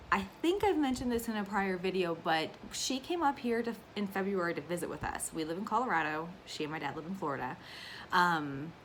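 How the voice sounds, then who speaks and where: Woman, 30s, crafting vlogger. Casual and talkative, tears up easily, mid-pitched voice, slight background noise. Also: fairly bright tone. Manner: chatty and emotional, with frequent fillers. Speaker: cross-stitch vlogger. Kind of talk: casual chat to camera.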